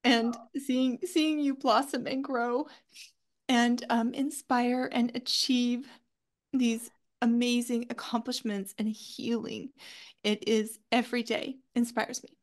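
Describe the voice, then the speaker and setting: A woman's voice: a little high, flat delivery, slow. A woman coach speaking tenderly and reflectively, choked up with emotion. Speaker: diet coach. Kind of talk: emotional tribute in interview.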